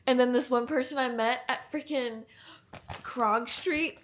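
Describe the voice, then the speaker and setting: Talking to camera at a moderate pace and medium pitch, a twenty-something woman shares animated, casual stories. Her vlog is peppered with slang, curse words, and laughter.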